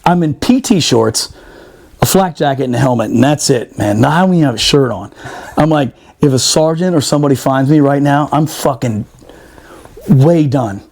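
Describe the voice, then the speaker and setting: A man, a former Marine, telling a profane, animated story on a podcast and laughing often. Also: medium pitch, moderate pace. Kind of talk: casual storytelling.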